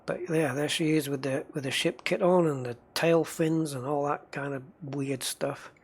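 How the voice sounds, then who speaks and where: A man's voice: on the high side, fairly even intonation, moderate pace, slightly rough. A man giving casual gameplay commentary, chatty, talking to himself and the game and chuckling often. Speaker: gamer narrating his play.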